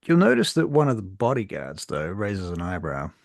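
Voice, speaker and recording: Gravelly-voiced male game master. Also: low voice, normal speed, no echo. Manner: relaxed, filler-laden narration. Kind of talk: narrating a tabletop game.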